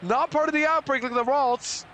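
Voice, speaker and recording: A young man streaming a game live, chatting with viewers and loudly overreacting to surprises. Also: very high voice, normal speed, slight background noise.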